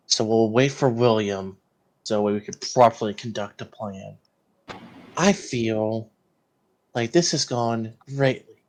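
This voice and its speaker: Relaxed man plotting at the game table. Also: mid-range voice. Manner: relaxed, plotting out loud, drifting in and out of character. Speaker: player. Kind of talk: casual tabletop role-play chat.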